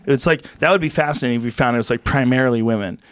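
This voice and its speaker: A man's voice: mid-range voice, racing, clear, resonant tone, dry recording. A man from the United States hosting a podcast, ranting in a casual, profane chat.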